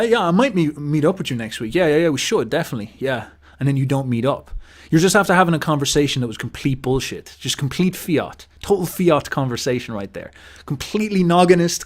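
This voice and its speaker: A man hosting a casual philosophical monologue, emphatic and animated, swearing casually and mimicking other people's voices. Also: medium pitch. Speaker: host.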